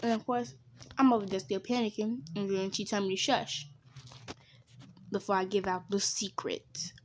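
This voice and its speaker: A woman's voice: medium pitch, little pitch movement, moderate pace. Woman, casual story time over gameplay, rambling, chatty, faint background noise. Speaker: gaming storyteller. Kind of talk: casual story time while playing a game.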